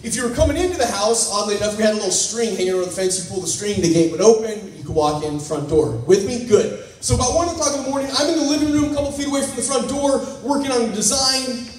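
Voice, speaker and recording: High-voiced man telling a comic story in an echoey hall. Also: quick pace, few pauses, slight background noise. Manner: animated, self-mocking, acts out scenes. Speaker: conference speaker. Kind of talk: comic storytelling talk to a live audience. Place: large conference hall. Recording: echoey hall, voice picked up from a distance.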